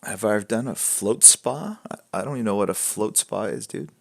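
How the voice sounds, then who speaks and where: Artist host on a live stream, a man with a low, creaky voice; easygoing, chatty, trails off into soft mumbles. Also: expressive, normal speed. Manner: laid-back, rambling, reads out and answers viewer questions. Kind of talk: casual chat with viewers while drawing.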